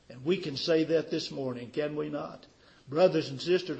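A man preaching a sermon to a small congregation, swelling to loud emphasis on key phrases and drawing words out. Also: a little high, moderate pace, gravelly. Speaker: pastor.

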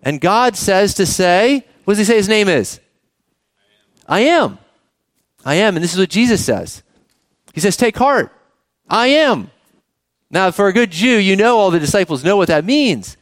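A middle-aged man preaching a sermon as pastor, conversational and animated, often asking the congregation questions. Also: sits high, a little slow, long pauses, dry recording, clean studio sound.

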